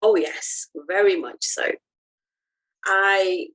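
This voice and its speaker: A woman's voice: on the low side, measured pace, rough recording. A woman guest on a podcast, telling her personal story in an earnest, heartfelt way with frequent ums and restarts.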